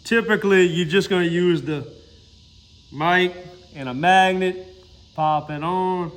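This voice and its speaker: Male, Mississippi accent, high voice; casual gear review to camera from a shop, phone mic. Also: a little slow, long pauses, a bit bright. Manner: folksy, talks straight to viewers. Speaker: product reviewer. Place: hot mechanic shop, indoors. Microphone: phone's built-in mic.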